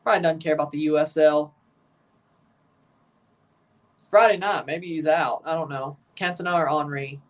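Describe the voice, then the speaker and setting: A man's voice: on the high side, normal speed, pauses often. Man calling soccer from far off. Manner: excitable play-by-play mixed with chatty replies to viewers. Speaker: livestream host reacting to a soccer match. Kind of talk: casual watchalong commentary.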